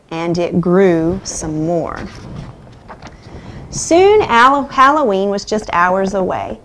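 Animated woman reading to children. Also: mid-range voice, slow, a little hiss or hum. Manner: animated, sing-song storytelling. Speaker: children's story reader. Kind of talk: reading a picture book to children.

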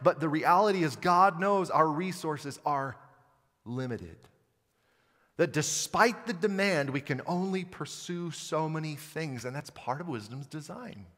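A man's voice: a little high, unhurried. A man from Montana preaching a sermon to his congregation, asking them questions and telling stories. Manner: animated, talks to the congregation and asks them questions. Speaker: pastor. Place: church sanctuary. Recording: long reverb of a church hall.

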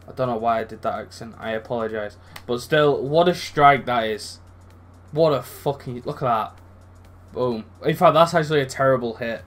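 A young man commentating his own football video game matches, excitable and rambling, swearing freely and shouting at big moments. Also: medium pitch, measured pace, long pauses, soft background music. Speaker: gaming channel host. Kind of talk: live gameplay commentary.

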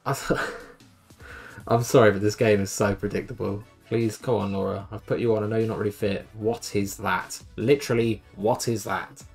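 A man's voice: lowish voice, steady tone, a little fast, vocal fry, a little mellow, slightly rough, soft background music. A young man commentating over a football management game, exasperated and grumbling at his team. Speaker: gaming YouTuber. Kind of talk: let's play commentary.

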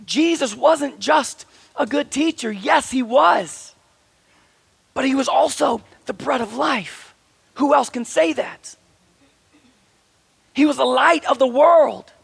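A man's voice: very high-pitched, measured pace, vocal fry, no echo. A male pastor preaching a sermon in a conversational, emphatic way, asking his listeners questions.

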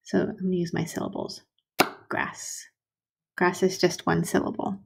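A woman teaching first graders to write sentences, modeling slowly and sounding out syllables with patience. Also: on the low side, little pitch movement, creaky, slightly rough. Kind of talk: recorded writing lesson for young children.

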